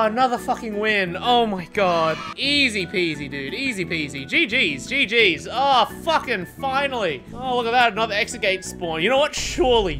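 A man in his twenties commentating his own gameplay, excitable and swearing often, pleading and yelling at the game, voice going hoarse. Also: sits high. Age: 20s. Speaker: gaming YouTuber.

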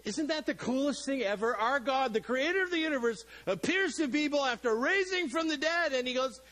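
Lively, joking middle-aged male pastor. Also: extremely high pitch, brisk, few pauses, low-quality recording. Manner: lively, joking, acts out the people in the story. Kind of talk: sermon. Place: church sanctuary.

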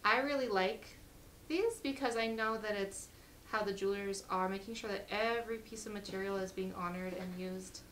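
A woman's voice: mid-range voice, normal speed, fairly bright tone, far from the mic, a little hiss or hum, low-quality recording. A woman hosting a live jewelry sale, chatty and upbeat as she reads out lot numbers and prices, her voice getting worn. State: losing her voice.

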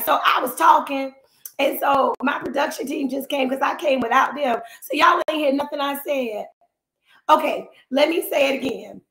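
Slightly hoarse, chatty woman livestreaming. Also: sits high, echoey room, poor audio. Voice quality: slightly hoarse, losing her voice. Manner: chatty, animated, talks straight to viewers. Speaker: finance coach. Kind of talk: casual live stream chat. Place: at home, cutting flowers. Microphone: phone livestream.

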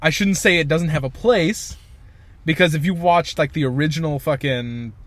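A man's voice: fairly high pitch, moderate pace, no echo. A young man co-hosting a casual podcast, ranting emphatically and swearing a lot. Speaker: podcast co-host. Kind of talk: casual chat.

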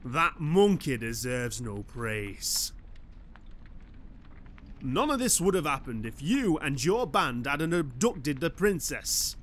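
A man's voice: on the high side, very animated, takes it slowly, fairly bright tone, slight background noise, voice pushed down, full character voice. A man voicing a pompous, self-righteous armored knight in a fan dub of a video game. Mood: indignant. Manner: pompous, haughty scolding.

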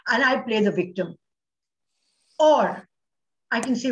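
An Indian English woman delivers a motivational talk as a guest speaker, with a high, ringing voice. She speaks with dramatic emphasis and slips Hindi phrases into her English. The audio is roomy and echoey, with a muffled, lo-fi quality. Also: animated, normal speed, long pauses.

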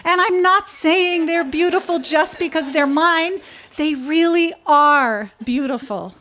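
A woman's voice: mid-range voice, unhurried, natural voice. A woman voicing a proud, fussy mother turtle in a storybook reading, chatty and insistent.

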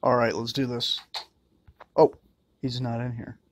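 A man's voice: medium pitch, little pitch movement, measured pace, no echo. A man doing crude, joking commentary while playing a horror game, muttering and swearing to himself. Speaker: let's-play gamer.

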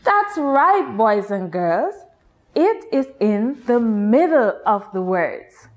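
Guyanese woman, nursery teacher, very slow deliberate delivery, lively sing-song pitch, patient. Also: soft background music. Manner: patient, sing-song, drawn-out teacher talk with exaggerated rises. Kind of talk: slow, deliberate children's lesson.

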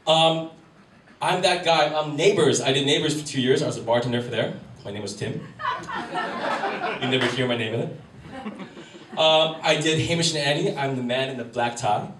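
A 30-something stand-up from Wisconsin, USA, works a comedy club with a rambling, self-deprecating set, talking at medium pitch and normal speed with long pauses. A distant mic in the roomy live venue catches crowd ambience, room noise and audience reactions.

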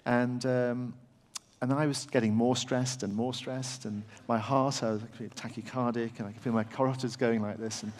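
A middle-aged English man tells a live anecdote to a festival crowd. He talks in a halting, self-deprecating way, with many fillers and restarts. His voice sits mid-pitch and rings with the long reverb of a big hall. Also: fairly even intonation. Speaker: surgeon telling a story on stage. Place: large festival venue with audience.

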